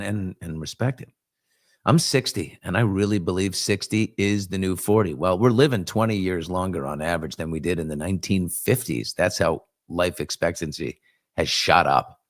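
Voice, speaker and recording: Low-voiced man in his fifties, rambling. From New York. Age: 50s. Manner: rambling, self-reflective, joking asides. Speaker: host. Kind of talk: casual live chat answering viewers.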